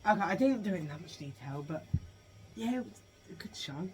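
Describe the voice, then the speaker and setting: A man's voice: sits high, expressive, brisk, breathy edge. A British man giving a casual, rambling review of a show, full of fillers and asides. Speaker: home-video reviewer.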